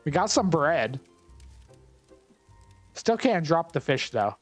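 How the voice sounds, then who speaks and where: A man's voice: a little high, big pitch swings, takes it slowly, soft background music. Wry man chatting through gameplay. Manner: wry, chatty, thinks aloud. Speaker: gameplay commentator. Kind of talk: casual gameplay commentary.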